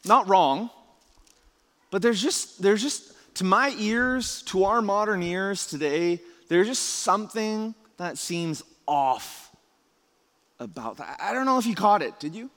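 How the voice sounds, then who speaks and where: A fairly high-voiced male preacher talking casually to his congregation, tripping over restarts and tossing out rhetorical questions. His voice rings with a long reverb through a large hall. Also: lively intonation, takes it slowly, a bit bright. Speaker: pastor. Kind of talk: conversational sermon.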